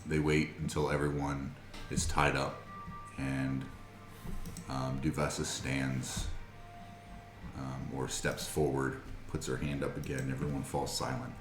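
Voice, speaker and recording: A man's voice: a bass voice, flat delivery, unhurried, roomy sound, over music. A man narrating a tabletop game as game master, with many hesitant fillers.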